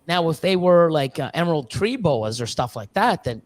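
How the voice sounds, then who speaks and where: Earnest guy rambling on a live stream, kinda high voice, keeps restarting, mimics people sometimes. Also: very animated. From Canada. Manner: acts out other people's voices in quick bursts. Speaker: reptile breeder guest. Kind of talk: casual live-stream chat.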